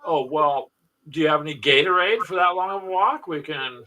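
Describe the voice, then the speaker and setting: A man's voice: fairly high pitch, a little fast, pushed and bright, far from the mic, a little hiss or hum. A man hosting a casual chat, joking and teasing his co-hosts. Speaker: host.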